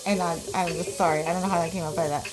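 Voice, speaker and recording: A woman's voice: fairly low pitch, steady tone, very fast, music in the background, rough recording. A woman in her forties from Canada, telling blunt, profane stories from her childhood in a casual vlog, full of fillers. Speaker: vlogger.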